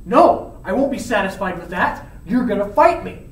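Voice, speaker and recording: A man's voice: high-pitched, expressive, brisk. A man voicing a hostile young male rival who sternly demands a fight, heard in a roomy space from far off. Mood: menacing. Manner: threatening, stern.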